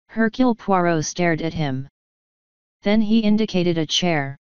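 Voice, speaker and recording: A woman narrating an audiobook, slow and deliberate, in a lowish, very crisp voice. The track is dry and dull, like a lo-fi home recording. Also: lively intonation, no echo.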